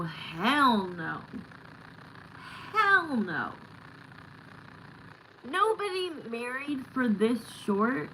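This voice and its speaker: A woman's voice: medium pitch, pushed and bright, a little hiss or hum, poor audio. A middle-aged woman hosting a live tarot stream, chatting casually and bluntly with viewers and swearing now and then.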